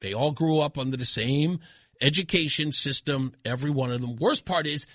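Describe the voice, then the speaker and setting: A man's voice: fairly high pitch, normal speed, a bit bright, no echo, studio quality. A man hosting a talk radio show, delivering an indignant, emphatic opinion monologue.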